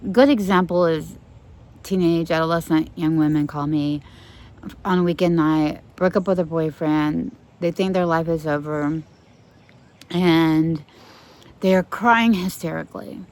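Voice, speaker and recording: A middle-aged woman therapist giving calm instructions, gently demonstrating slow breathing, recorded outdoors in the sun with birds singing in the background. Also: fairly low pitch.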